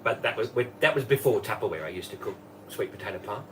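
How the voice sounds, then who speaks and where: This former Tupperware manager runs a live cooking stream in his home kitchen, chatting away and greeting viewers by name. His fairly low voice is animated and fast, heard off-mic from a distance with background noise.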